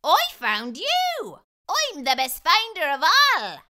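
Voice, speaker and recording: A woman's voice: extremely high pitch, huge pitch swings, takes it slowly, sharp tone, voice pushed up, full character voice. A woman voicing a small, grumpy male leprechaun who scoffs and makes demands. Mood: scoffing.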